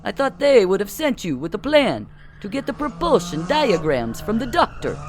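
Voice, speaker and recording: An audiobook narrator voicing a reckless, giddy male Soviet spy with a Russian accent and an excitable, theatrical delivery. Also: medium pitch, normal speed, a little hiss or hum, voice pushed up.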